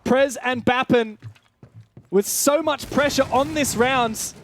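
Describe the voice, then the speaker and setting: Very high-voiced esports caster. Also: male voice, a little hiss or hum. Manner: fast, rising to shouts at big plays. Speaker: play-by-play caster. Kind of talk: esports commentary.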